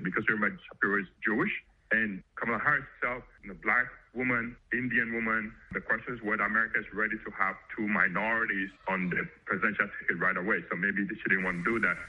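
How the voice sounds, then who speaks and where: A man who is a professor, giving measured political analysis in an interview. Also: medium pitch, breathy edge. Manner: measured, explanatory. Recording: dull lo-fi remote line.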